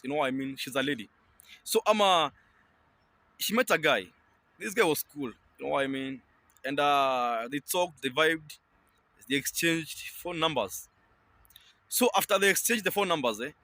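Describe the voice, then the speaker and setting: A man's voice: a little high, bright, forceful tone. A man hosting a compilation channel, telling a story hesitantly with many ums and filler phrases. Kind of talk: casual storytelling.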